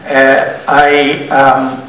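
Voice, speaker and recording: An older man, asking an emphatic, halting question from the floor at a public debate. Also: mid-range voice, completely flat delivery, very noisy. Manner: emphatic, halting, stresses words. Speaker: audience member asking a question. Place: large hotel function room. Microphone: handheld mic passed through audience. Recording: echoey room, voice from far off.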